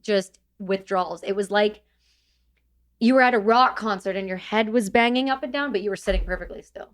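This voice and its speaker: A woman's voice: mid-range voice, brisk. Woman guest on a podcast, candid and blunt, swears a lot, chatty storytelling. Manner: blunt, swears freely, acts out quoted exchanges.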